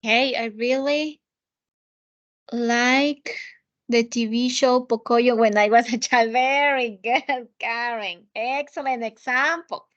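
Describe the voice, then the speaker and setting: Casting: woman with a high voice, patient online English teacher, slow delivery. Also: fairly bright tone, muffled recording. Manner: slow, patient, checks in with students often. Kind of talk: online language lesson.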